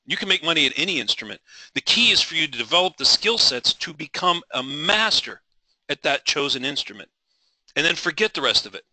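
A middle-aged man teaches a live trading webinar with fiery, driven passion, often rambling and restarting his sentences. His voice is strikingly bright and sharp. The recording is dry and close, with no room echo. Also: a little high, sing-song, a little fast.

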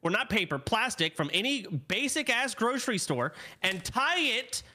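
A man's voice: extremely high pitch, sing-song, sharp tone, a little hiss or hum. A man bossily giving profane instructions on a live stream. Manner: bossy, profane, rapid-fire instructions. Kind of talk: casual live-stream chat.

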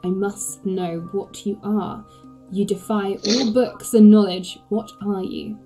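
A woman's voice: medium pitch, fairly even intonation, slow pace, mellow, faint music behind, natural voice, low-quality recording. A woman voicing a commanding, impatient female mage who speaks with urgent, imperious questions. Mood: demanding.

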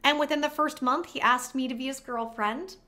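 A woman's voice: high voice, fairly even intonation, normal speed, sharp tone. A woman vlogger at her home setup, telling a personal story to the camera in a chatty, rambling, self-deprecating way.

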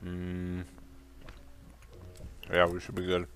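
A young man giving let's play commentary on a video game, easily startled into yelps and laughs between calm, musing remarks. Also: sits low, slow, a little hiss or hum. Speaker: gaming commentator.

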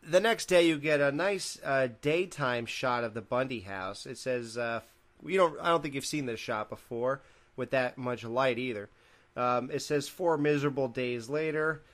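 A man's voice: mid-range voice, normal speed, fairly bright tone. A man co-hosting a podcast, recapping a sitcom episode in a laid-back, rambling way and laughing often. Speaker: podcast co-host.

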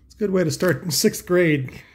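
A man's voice: sits high, a little fast, a little hiss or hum. A man hosting a casual commentary, talking in a sarcastic, profane, rambling way full of asides. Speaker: host.

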